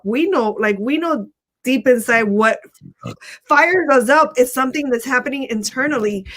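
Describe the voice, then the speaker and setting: A woman co-hosts a motivational chat in a fairly high voice. She talks in an animated, chatty way and breaks into laughter often. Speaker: co-host.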